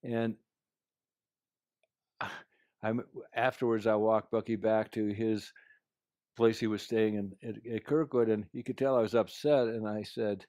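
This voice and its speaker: A man's voice: lowish voice, steady tone, measured pace, pauses often, no room sound, studio quality. A man giving an earnest, anecdotal talk about negotiation, telling a personal story to make his point. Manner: earnest storyteller, drops to a quiet voice for quotes. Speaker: speaker sharing life lessons.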